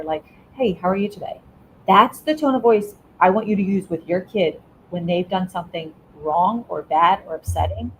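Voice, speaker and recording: A woman talks through her approach as an interview guest, her voice sitting on the low side. She explains at length and slips into quoted lines as she goes. A faint hiss runs beneath the recording. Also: poor audio. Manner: animated explainer, acts out quotes. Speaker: school educator, guest. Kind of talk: conversational interview answer.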